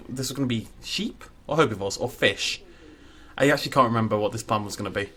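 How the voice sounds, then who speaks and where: A man's voice: mid-range voice, fast, fairly bright tone, slight background noise. A man giving casual, self-mocking commentary while building a park in a game, chatty with jokey asides. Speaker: gaming YouTuber.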